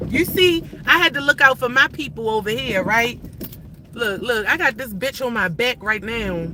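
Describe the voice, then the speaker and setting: Behind the wheel on a live stream, this woman in her thirties sounds high, animated, bright and forceful at a normal pace. The rough recording has a little hiss or hum as she delivers a heated, profane, rambling rant from her car.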